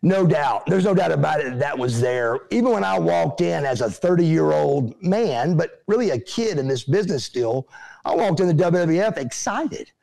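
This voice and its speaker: A middle-aged man tells his stories as an interview guest, with a gravelly, slightly high voice. He is animated and acts out what others said in put-on voices. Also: moderate pace. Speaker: interview guest, former pro wrestler. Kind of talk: casual storytelling.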